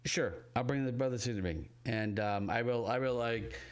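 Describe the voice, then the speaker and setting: Stammering man playing a tabletop game. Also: mid-range voice. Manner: stammering, halting, with restarts. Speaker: player.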